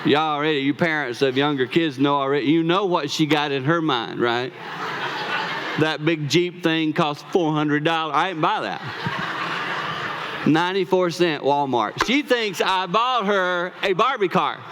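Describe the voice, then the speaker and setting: A man in his fifties preaching in church, animated as he tells personal stories, often repeating words and laughing. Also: a little high, a little slow, noisy background. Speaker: pastor.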